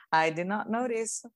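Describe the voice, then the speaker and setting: A woman's voice: on the high side, very noisy. A woman co-hosting a podcast in casual chat, laughing and reacting with short interjections. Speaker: podcast co-host.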